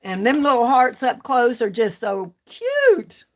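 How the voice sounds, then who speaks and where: A woman's voice: fairly high pitch, huge pitch swings. Chatty woman on a craft livestream. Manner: chatty, drawn-out, talks to viewers. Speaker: craft vlogger. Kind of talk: casual livestream chat.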